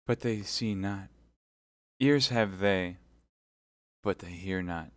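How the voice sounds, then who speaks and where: A man's voice: on the low side, normal speed, sharp tone, no echo. A man voicing a scheming captive noblewoman who pleads and seduces in a theatrical way. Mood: imploring.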